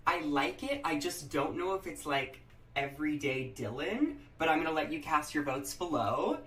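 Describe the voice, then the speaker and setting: A woman's voice: sits low, expressive, normal speed, fairly bright tone. A woman talking straight to camera in an upbeat vlog style, bubbly and sing-song with chirpy sign-offs. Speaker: social media video creator.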